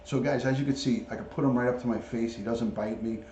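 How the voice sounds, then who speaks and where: A middle-aged man with a mellow, relaxed voice talks casually on a livestream, greeting viewers by name as he chats. He sounds like he is at home in an echoey room, with a faint hum of room ambience behind him. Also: mid-range voice, fast talker, highs cut off. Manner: chatty, talks to viewers and reads out chat names. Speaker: retired police detective, livestream host. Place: at home, showing a pet parrot.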